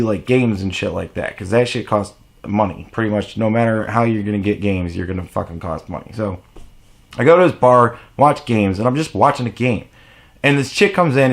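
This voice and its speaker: A man delivering a blunt, profane, exasperated rant to camera as a vlogger. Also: mid-range voice. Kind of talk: ranting monologue to camera.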